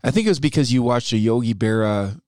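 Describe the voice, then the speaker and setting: A man's voice: medium pitch, lively intonation, fast talker, darkish tone, dry recording, clean studio sound. Upbeat chatty male podcast co-host. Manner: upbeat, chatty, self-aware about his "radio voice". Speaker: podcast co-host, financial advisor. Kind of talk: casual chat.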